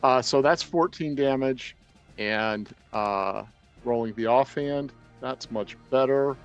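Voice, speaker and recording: A man's voice: mid-range voice, slow, smooth, dull audio, faint music behind. A man playing a tabletop game, speaking hesitantly with many restarts. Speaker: player.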